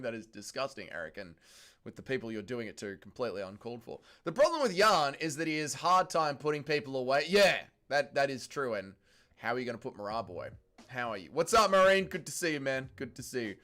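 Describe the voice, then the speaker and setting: A man's voice: high voice, a bit bright. Ranting, profane Australian man. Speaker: livestream host. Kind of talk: casual livestream chat.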